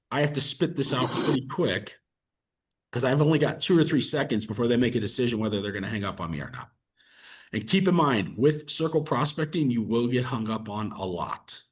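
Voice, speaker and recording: Husky male sales coach, conversational and upbeat, mid-pitched. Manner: energetic, conversational, fillers like "like" and "right?". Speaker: real estate coach. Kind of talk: coaching session with role-play practice.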